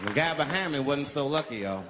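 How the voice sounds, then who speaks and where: A man tells a profane stand-up story, bouncing between a high lively voice and shouted impressions. He is on stage in a large venue with a long reverb. Loud crowd laughter and a steady hum of background noise sit around him. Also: a little fast. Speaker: stand-up comedian. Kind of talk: stand-up comedy set. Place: large live comedy venue.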